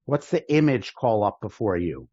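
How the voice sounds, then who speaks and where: Animated rabbi lecturing, muffled dry sound. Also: male voice, fairly low pitch, normal speed, husky, no echo. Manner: animated, thinks aloud with restarts and rhetorical questions. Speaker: rabbi teaching a class. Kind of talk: casual classroom lecture. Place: synagogue classroom with video call.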